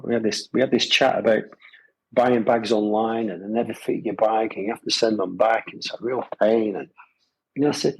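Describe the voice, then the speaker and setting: A man's voice: lowish voice, expressive, brisk, creaky, breathy edge, rough recording. A man telling stories in a loose, rambling podcast chat, full of fillers and restarts. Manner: rambling, lots of fillers and repeated phrases. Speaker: podcast guest, gravel shop owner. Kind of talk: casual conversational storytelling. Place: Adelaide Hills, South Australia.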